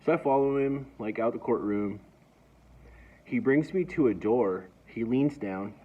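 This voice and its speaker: A man with a husky, slightly breathy voice tells a personal story in a loose, rambling way, stumbling over his words and circling back. The recording sounds dull and lo-fi. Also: mid-range voice, unhurried. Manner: rambling, stammering restarts.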